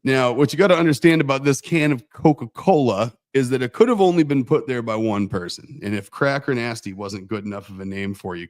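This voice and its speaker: A man co-hosting a casual livestream, telling a rambling story with animated voices. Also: mid-range voice. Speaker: co-host.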